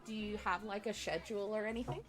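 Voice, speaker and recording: A woman's voice: medium pitch, fairly even intonation, fast talker. A woman chatting casually while streaming a game, talking back to her viewers. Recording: music playing behind the voice.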